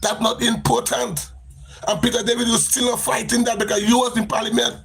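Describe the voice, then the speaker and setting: Man, Grenadian accent, live stream rant, gravelly, raspy, accusatory, repetitive. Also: extremely high pitch, level tone, a little fast, fairly bright tone, faint music behind. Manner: fiery, accusatory, repeats phrases. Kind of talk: ranting live stream monologue.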